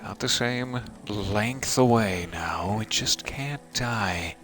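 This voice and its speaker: A man's voice: on the low side, slow, fairly bright tone, faint music behind. A young man casually commenting while he plays a game, playful, theatrical and self-mocking. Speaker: game streamer.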